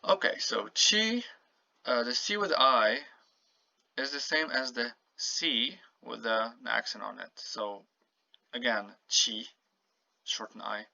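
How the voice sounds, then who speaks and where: A man teaching a casual language lesson, slowly and patiently modelling each word and repeating it for the learner. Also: mid-range voice, vocal fry, bright, forceful tone, no room sound. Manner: slow, patient, repeats words to model pronunciation. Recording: dull lo-fi home recording.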